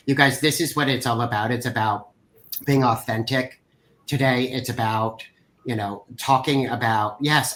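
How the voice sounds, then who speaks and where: A man moderating a real estate panel, encouraging and talking in quick bursts. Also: medium pitch, fairly bright tone, a little hiss or hum, low-quality recording.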